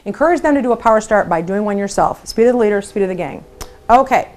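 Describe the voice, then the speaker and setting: A middle-aged woman training new sales consultants, upbeat and encouraging, acting out sample phone calls in lively voices. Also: mid-range voice, fast talker. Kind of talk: training talk to camera.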